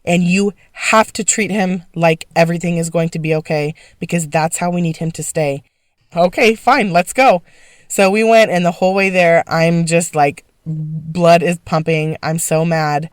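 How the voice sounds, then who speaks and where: A woman's voice: lowish voice, no room sound, clean studio sound. A woman telling a personal story in a casual, emphatic way, speaking as an interview guest. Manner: emphatic, animated, fast-talking.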